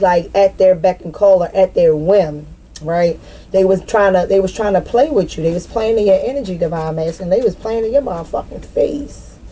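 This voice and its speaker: Female tarot reader, low dark voice, casual rambling delivery with lots of swearing. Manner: loose, rambling, swears freely, talks straight to the viewer. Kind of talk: spiritual tarot reading, casual and profane.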